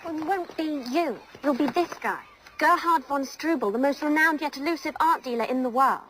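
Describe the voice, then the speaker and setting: A woman's voice: high voice, moderate pace, fairly bright tone, slight background noise. An actress playing a scheming young woman who briefs a con artist in a teasing, matter-of-fact way in a film scene.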